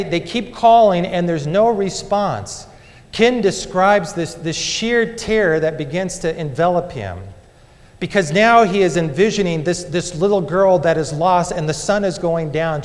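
A man preaching a sermon as a dramatic story, moving between loud and hushed delivery. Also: high voice. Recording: long hall reverb.

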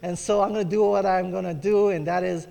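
High-voiced male preacher in a reverberant hall. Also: fairly even intonation, fairly quick, vocal fry, mellow. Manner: storytelling, acts out quoted voices, calls for amens. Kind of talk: sermon with personal story.

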